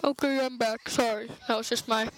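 A woman's voice: a little high, fairly even intonation, normal speed, poor audio. A woman hosting an improvised homemade comedy show, rambling with many fillers as she plays out a silly adventure. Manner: rambling, full of fillers, switching between silly voices. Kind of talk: improvised solo comedy play. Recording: background noise with clicks.

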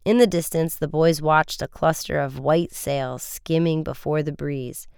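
A man's voice: a little high, creaky, darkish tone, clear, resonant tone, no echo, studio quality. A man reading an adventure story aloud as a narrator, slipping into voices for the boys in the dialogue. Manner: does quick character voices for the boys in dialogue. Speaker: audiobook reader. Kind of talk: scripted narration.

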